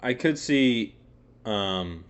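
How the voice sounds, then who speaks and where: A man's voice: fairly low pitch, lively intonation, drawn-out words, clear, resonant tone. Young man rambling about football. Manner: rambling, frequent fillers and swearing. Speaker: podcast co-host. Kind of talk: casual sports chat.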